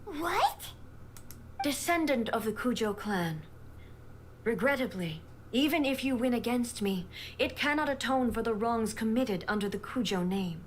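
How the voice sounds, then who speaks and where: An actress playing a stern, commanding female ruler in a game, speaking in a cold, formal and measured way. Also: a little high, expressive, a little hiss or hum. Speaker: game character.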